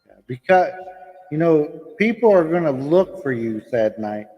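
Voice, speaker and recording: A man's voice: fairly high pitch, expressive, normal speed, in a large hall, dull audio. A man, chatting casually and joking on a live vlog, swearing as he talks. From Indiana, USA. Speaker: vlog host. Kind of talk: live-stream casual chat.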